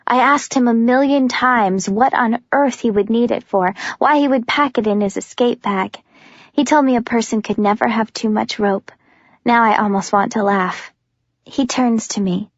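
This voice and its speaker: A woman's voice: on the high side, moderate pace, no echo. A woman narrating a first-person audiobook with an urgent, breathless telling. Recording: slightly dull, dry recording.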